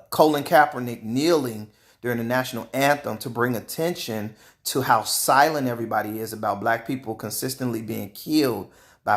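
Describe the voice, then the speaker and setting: Animated man giving his opinions. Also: mid-range voice. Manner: animated, laughs often, repeats words. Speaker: vlogger. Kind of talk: casual opinion monologue.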